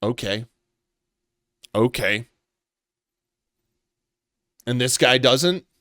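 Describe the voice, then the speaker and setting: A man's voice: mid-range voice, animated, drawn-out words, fairly bright tone, no room sound, clean studio sound. A man delivering a contemptuous, accusatory commentary rant, swearing as he goes. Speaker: commentary vlogger. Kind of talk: ranting commentary.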